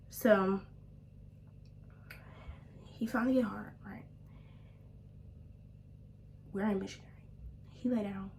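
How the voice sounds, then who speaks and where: A young woman telling a story casually while she does her makeup at home, often dropping to a hushed whisper. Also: medium pitch, steady tone, takes it slowly, vocal fry, pauses often, slight background noise. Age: young adult. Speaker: vlogger. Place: at home, doing makeup at a small mirror.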